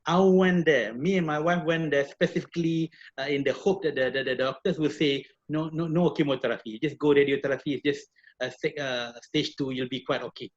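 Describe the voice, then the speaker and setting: Middle-aged prof, kinda husky, a bit high-pitched, talking lively over a dull zoom line. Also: male voice, fairly quick. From Malaysia (Perak). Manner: animated, repeats words often. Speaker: professor and guest speaker. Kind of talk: storytelling talk. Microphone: video call. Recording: dull lo-fi video call audio.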